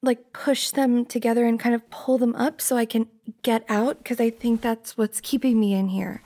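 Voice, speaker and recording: A young woman performing a one-sided role-play monologue, flustered and breathy, with frequent sighs and half-whispered lines. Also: a little high, steady tone, normal speed, mellow.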